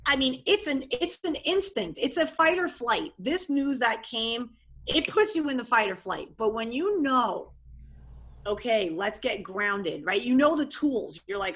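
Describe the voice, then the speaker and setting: A woman life coach talking casually in an interview, animated and expressive, often acting out what she and others said. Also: fairly high pitch, unhurried, slightly rough. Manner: animated and expressive, acts out quoted voices.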